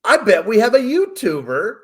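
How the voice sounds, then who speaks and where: Co-host guy, kinda high voice, swings all over, laughs a lot. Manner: animated, quick to laugh. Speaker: podcast co-host. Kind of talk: casual chat.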